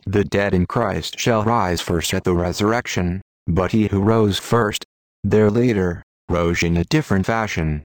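Man preaching a sermon, low voice, dry close sound, solemn and declamatory. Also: unhurried, no room sound. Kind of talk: Victorian sermon reading.

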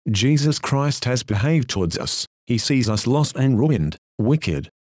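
A man's voice: medium pitch, animated, a little slow, darkish tone, dry recording, studio quality. A male preacher giving a sermon, earnest and full of rhetorical questions.

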